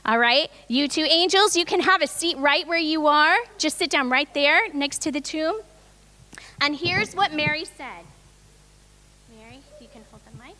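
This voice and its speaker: A woman's voice: sits high, unhurried, sharp tone. A woman leading a children's Easter reenactment in a church, upbeat and coaxing as she directs the kids into place. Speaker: children's presentation leader.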